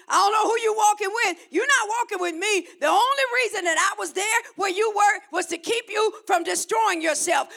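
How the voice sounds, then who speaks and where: Stern, shouting God figure, put on by a woman preacher; very high, gravelly edge. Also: heavily acted. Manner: shouted, emphatic rebuke. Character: God, stern rebuking male deity. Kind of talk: sermon.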